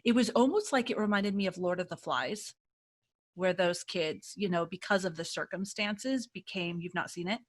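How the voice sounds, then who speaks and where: A woman's voice: lowish voice, moderate pace. A woman co-hosting a podcast, chatting casually and animatedly as she reviews a film. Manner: chatty, animated retelling with acted-out reactions. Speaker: podcast co-host.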